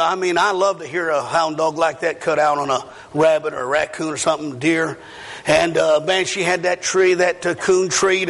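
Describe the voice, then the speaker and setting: A man's voice: a little high, fairly bright tone. A middle-aged male evangelist telling a story in a sermon, drawling and folksy with plenty of fillers. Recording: hall reverb, faint noise.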